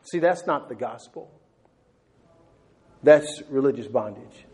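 A man's voice: medium pitch, animated, takes it slowly, darkish tone, husky, low-quality recording. A man preaching a sermon and telling a story, talking fervently with frequent stumbling restarts, throwing in "man", and asking the listeners questions.

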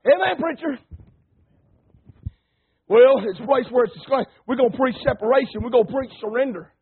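High-voiced preacher on a tinny line. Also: male voice, normal speed, husky. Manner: folksy, rousing, swings between quiet talk and shouting. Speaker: pastor. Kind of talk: sermon. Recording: lo-fi phone-like radio broadcast.

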